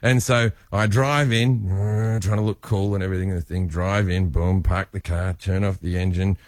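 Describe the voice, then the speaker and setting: A middle-aged Australian man chatting as a guest on the radio, telling animated stories, acting out other voices and laughing often. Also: low voice, normal speed, dry recording, clean studio sound. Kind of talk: casual radio chat.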